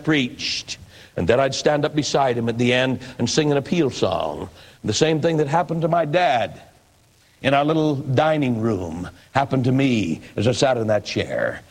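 A man's voice: on the high side, low-quality recording. A man in his sixties from the northwestern United States, a pastor and evangelist, telling his life story as a sermon in a folksy storytelling manner. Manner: folksy storytelling, acts out quoted voices. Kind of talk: personal testimony sermon.

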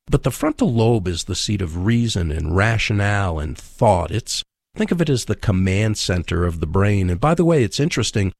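A man hosting a faith-based radio show, teaching about relationships with emphatic, preacher-like delivery and pauses for emphasis. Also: lowish voice, gravelly, a little mellow, dry recording.

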